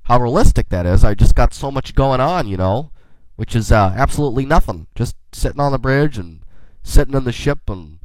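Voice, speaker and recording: A man's voice: mid-range voice, lively intonation, brisk, darkish tone, no room sound, poor audio. A man hosting his own podcast, talking alone in a rambling, chatty way with folksy asides, a little sick. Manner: playful in-character space banter. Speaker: podcast host. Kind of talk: casual solo podcast monologue.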